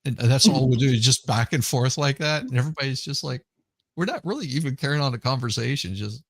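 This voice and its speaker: A man in a relaxed live chat, speaking at an ordinary middle pitch and rambling through stories with restarts. His voice sounds dry and close to the mic. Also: quick pace, gravelly, no echo. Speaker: guest streamer.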